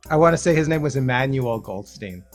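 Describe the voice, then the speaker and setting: A man's voice: mid-range voice, lively intonation, soft background music. A middle-aged man hosting a casual chat over a video call, rambling with many restarts. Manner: rambling, halting, full of restarts. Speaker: host.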